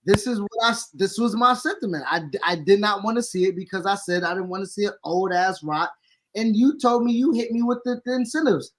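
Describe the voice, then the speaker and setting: Blunt, high-voiced man podcast co-host. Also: brisk. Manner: blunt, profane, pushes back. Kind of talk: casual chat.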